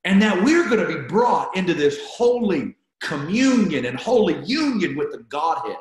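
A man's voice: sits high, sing-song, moderate pace, reverberant. A man leading an online Bible study, teaching with fervor and repeating key phrases for emphasis as he talks to viewers.

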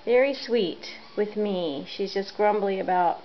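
A woman casually narrating a home video of her pet cat, gentle and chatty, recorded in a room at home on dull, lo-fi audio. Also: medium pitch, a little slow, slight background noise. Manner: gentle, chatty, soft laughs.

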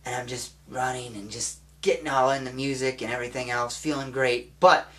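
A man's voice: mid-range voice, steady tone, brisk, a bit bright. A man and amateur filmmaker talking casually and enthusiastically about a film he loves, rambling with many restarts. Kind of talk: casual spoken movie recommendation.

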